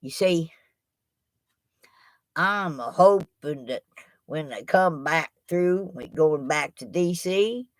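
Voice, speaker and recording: A woman's voice: lowish voice, a little mellow. A woman chats folksily into her laptop mic on a live stream. She takes her time and drifts from one thought to the next. The sound is dry and close, with no room echo. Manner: folksy, rambling, talks to the chat. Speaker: livestream host. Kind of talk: casual live-stream chat. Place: at home with a laptop. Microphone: laptop microphone.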